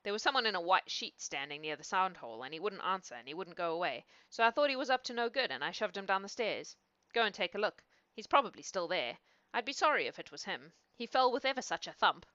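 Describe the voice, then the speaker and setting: A woman voicing a simple, fearless young man who speaks bluntly and sometimes shouts. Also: medium pitch, big pitch swings, quick pace, no echo, dull audio. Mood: plainspoken. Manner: blunt, matter-of-fact, raised and shouting at times.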